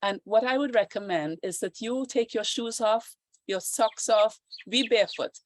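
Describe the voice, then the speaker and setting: A woman from the Caribbean leading a guided yoga and meditation class outdoors on a deck, talking slowly and calmly and repeating affirmations. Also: medium pitch, no echo. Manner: slow, calm guiding with repeated affirmations.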